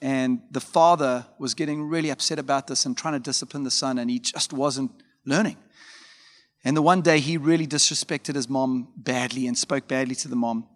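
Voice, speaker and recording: A man's voice: mid-range voice, fairly even intonation, moderate pace. A man preaching a conversational sermon as a pastor, telling stories informally with frequent fillers and asides. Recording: long hall reverb.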